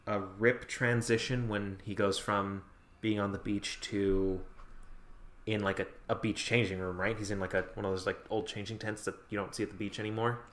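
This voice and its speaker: A man's voice: fairly low pitch, little pitch movement, moderate pace, fairly bright tone. A young man from California, co-hosting a podcast in casual chat, rambling with lots of fillers. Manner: rambling, filler-heavy, 'like' every few words. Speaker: podcast co-host.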